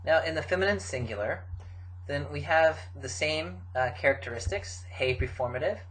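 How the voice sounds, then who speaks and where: A middle-aged man giving a recorded grammar lecture, explaining forms in a measured way with frequent fillers. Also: fairly high pitch, animated, fairly bright tone, a little hiss or hum, rough recording. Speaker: Biblical Hebrew teacher.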